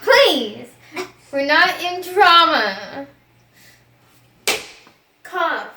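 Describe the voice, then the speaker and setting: A young woman in a comedy sketch, playing a teacher who spells out words slowly with exaggerated patience. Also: high-pitched, sing-song, pushed and bright, roomy sound, a little hiss or hum. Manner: exaggerated, patient-then-exasperated teacher delivery, stretches out words.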